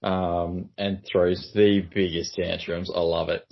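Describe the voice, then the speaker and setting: A man's voice: deep voice, flat delivery, slow, vocal fry. A man co-hosting a podcast, chatting casually with dry humor. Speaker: podcast co-host. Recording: dull lo-fi audio.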